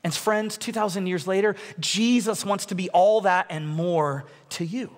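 High-voiced young man preaching a sermon. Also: a little slow, in a large hall. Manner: animated storytelling preacher with asides and quoted voices. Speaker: pastor. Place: large church worship center.

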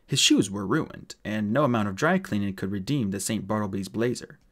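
A man reads an audiobook aloud in a low register. His delivery is animated, with his pitch swinging widely through the lines. The reading is expressive and keeps the story moving. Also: fairly quick. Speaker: audiobook narrator. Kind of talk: audiobook narration.

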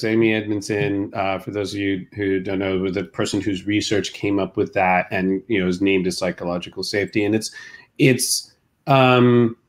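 A man who co-founded a company, a guest in an interview, explaining his ideas thoughtfully with examples. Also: fairly low pitch. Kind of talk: casual interview.

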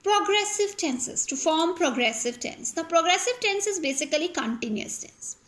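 High bright-voiced woman teaching grammar slowly. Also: lively intonation. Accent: Indian English. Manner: slow, explaining step by step with examples. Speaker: English teacher. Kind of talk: grammar lesson.

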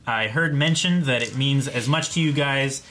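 A man co-hosting a casual group show, reading a viewer's letter aloud haltingly and laughing often. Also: mid-range voice, bright, forceful tone, slight background noise.

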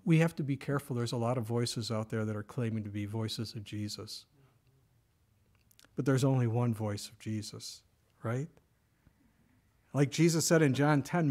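A middle-aged man preaching a sermon in a casual, conversational way, telling the story with lively emphasis and dropping to a whisper for quoted words. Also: medium pitch, moderate pace. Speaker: pastor.

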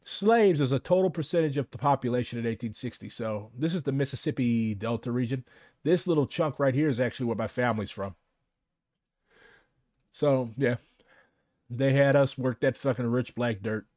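A young man from Missouri giving casual livestream commentary, ranting in a profane, animated way. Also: mid-range voice, moderate pace, no echo, clean studio sound. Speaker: streamer.

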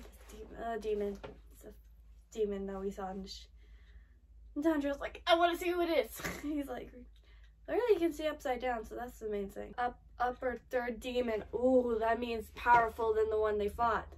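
Woman host, high voice, excitable reaction chatter with frequent swearing, recorded a bit far from the mic. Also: a little hiss or hum. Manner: excitable, gasps and frets aloud, swears often. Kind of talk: live anime reaction commentary.

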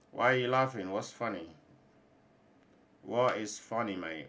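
Guy streaming a phone game, loud trash talk then quiet mutters, slow drawl. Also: fairly low pitch, slight background noise. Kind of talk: live gaming stream chat.

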